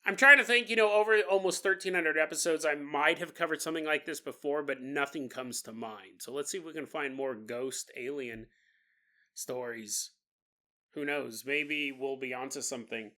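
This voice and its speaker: A man's voice: on the high side, pushed and bright. A man hosting a podcast, telling a story in a casual, jokey way, acting out the people in it and laughing often. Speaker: podcast host.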